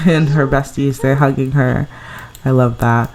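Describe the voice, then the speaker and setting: A woman's voice: rumbling low, measured pace, a little mellow. A woman giving casual, gushing commentary over a life-sim game she plays at home, chatting and laughing often. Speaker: let's play creator.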